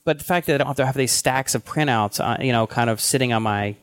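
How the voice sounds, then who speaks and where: A man co-hosting a casual tech podcast, thinking aloud in a loose, halting way with frequent restarts. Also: mid-range voice, a bit bright, smooth. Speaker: podcast co-host.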